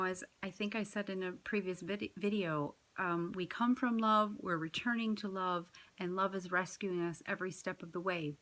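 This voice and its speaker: A woman who works in parish ministry delivers a reflective spiritual talk. She speaks in an earnest, measured way and leans gently on key words. Her pitch sits at an ordinary middle level for a woman.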